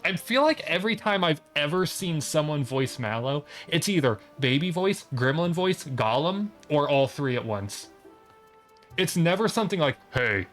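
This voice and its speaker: A man's voice: fairly high pitch, lively intonation, moderate pace, a bit bright. Guy on a game stream goofing around, reads lines out in silly voices, faint music behind. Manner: joking, restarts, reads game dialogue aloud in silly voices. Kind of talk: casual gameplay commentary.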